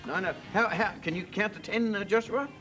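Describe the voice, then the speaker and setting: A man's voice: sits high, brisk, over loud music. An Australian man hosting a live TV variety show, teasing and quizzing contestants with bubbly energy. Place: TV studio. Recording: live TV studio with audience and band.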